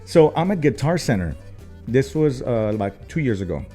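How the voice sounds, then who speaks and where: A man's voice: mid-range voice, big pitch swings, normal speed, dark tone, faint music behind. A man, co-hosting a casual talk show and telling a long story, with many fillers, swearing and switches into Spanish. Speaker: co-host.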